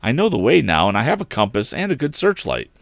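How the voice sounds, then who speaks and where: A man reading a storybook aloud, voicing an earnest young male inventor in a raised, excited voice. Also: quick pace, creaky, no echo, studio quality. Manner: excited, pitched well above the reader's own voice.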